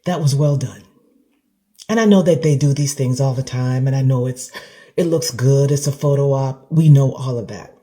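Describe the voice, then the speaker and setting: A woman talking through an emotional reaction, halting and clearing her throat at times. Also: very deep voice, warm tone. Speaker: commentator.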